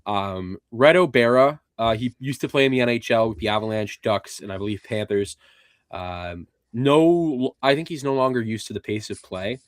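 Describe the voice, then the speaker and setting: A young man co-hosting a sports podcast in casual chat, running through rosters in an even, methodical way. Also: mid-range voice, normal speed, no room sound, studio quality. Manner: lists players in an even, methodical way. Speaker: podcast co-host.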